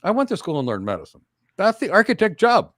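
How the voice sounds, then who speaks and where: A man's voice: wildly swooping pitch, fast talker, dry recording, studio quality. Emphatic middle-aged man hosting a career Q&A. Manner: emphatic, swings up and down in pitch and loudness; teaches through analogies and examples. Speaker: host answering career questions. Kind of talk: Q&A talk with rhetorical questions.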